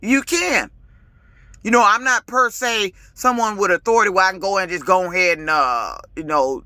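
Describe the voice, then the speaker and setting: Speaking straight to camera, a lease-purchase woman trucker delivers a casual vlog rant in a bright, forceful, medium-pitched voice, recorded dry with no room sound. Emphatic and authoritative, she quickly gets loud and heated, talks colloquially, and repeats words when she's fired up.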